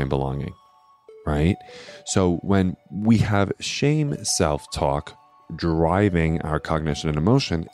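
Deep-voiced man explaining with earnest warmth. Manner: earnest, explanatory, often ends points with "right?". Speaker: astrology host. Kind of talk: educational astrology talk.

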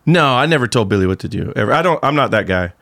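A man's voice: mid-range voice, animated, fast, creaky, a bit bright. A man guest on a podcast, telling a rambling story in casual chat and acting out what others said. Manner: rambling storyteller who acts out the other voices.

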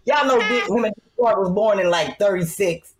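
Animated, slangy woman panelist. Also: mid-range voice, fairly quick, noisy background. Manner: animated, slangy, laughs often. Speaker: talk show panelist. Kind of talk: casual talk show banter.

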